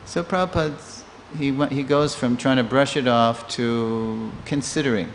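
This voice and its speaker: A man in his sixties giving a storytelling scripture class in a temple, a lively teller who acts out the people he quotes. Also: medium pitch, moderate pace. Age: 60s. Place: temple hall. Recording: long reverb of a hall, faint noise.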